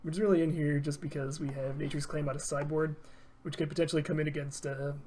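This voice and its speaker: A man's voice: fairly high pitch, level tone, fast, darkish tone, slight background noise. A man hosting a casual card-game deck tech, rambling with lots of fillers and laughs.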